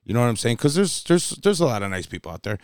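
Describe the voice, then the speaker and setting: A man's voice: medium pitch, big pitch swings, racing, clean tone, no room sound, studio quality. A man, a DJ co-hosting a podcast, chatting casually, swearing freely and joking as he mimics crowd members. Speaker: DJ and podcast co-host. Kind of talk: casual chat.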